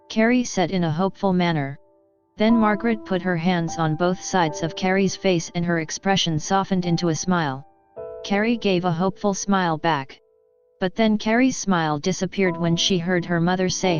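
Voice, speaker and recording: A woman reading a fan story aloud as narrator in a plain, steady manner. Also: fairly low pitch, moderate pace, clean tone, dry recording. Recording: dull lo-fi with faint music.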